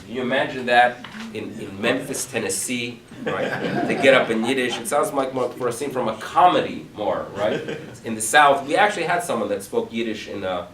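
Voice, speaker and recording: A man, a rabbi, teaching a class to a congregation, lively and full of rhetorical questions. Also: medium pitch, moderate pace. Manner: animated, asks rhetorical questions. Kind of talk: lecture to a congregation. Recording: echoey room, mic at a distance.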